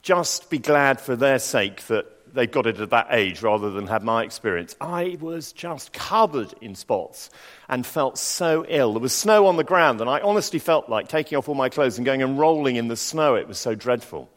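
A man preaching a sermon. He reads scripture slowly, then tells personal stories with dry asides. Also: medium pitch, lively intonation, in a large hall.

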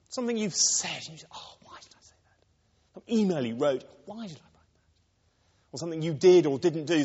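A man preaching a sermon to a congregation, expressive and acting out quoted lines. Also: a little high. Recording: dull reverberant hall.

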